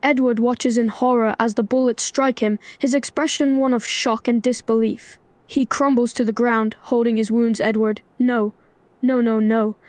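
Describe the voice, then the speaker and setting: A woman's voice: fairly high pitch, normal speed, dry recording. Computer-voiced woman, text-to-speech narrator, evenly read melodramatic story, dry close sound. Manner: even, scripted, melodramatic prose. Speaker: AI chatbot narrator.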